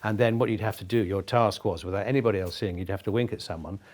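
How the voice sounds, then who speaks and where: A man from Britain tells warm, witty anecdotes in an interview. His voice sits fairly low. He restarts phrases often as he talks. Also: fast. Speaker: actor, interview guest.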